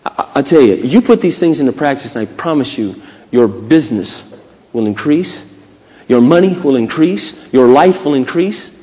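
A man preaching a sermon emphatically, with dramatic pauses between phrases. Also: mid-range voice, lively intonation, dark tone, lo-fi sound. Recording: long reverb of a church hall.

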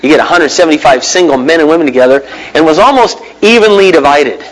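Animated high-voiced male preacher. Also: fast, low-quality recording. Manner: animated storyteller, big pitch swings, mimics voices. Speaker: pastor. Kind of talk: sermon with personal stories.

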